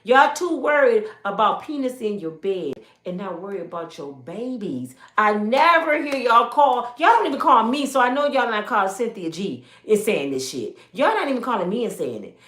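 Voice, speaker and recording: A middle-aged woman, hosting an animated commentary and talking emphatically as she acts out the people in her stories. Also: a little high, normal speed, hardly any pauses. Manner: emphatic, preachy, acts out quoted voices. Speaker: commentary channel host. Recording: echoey room.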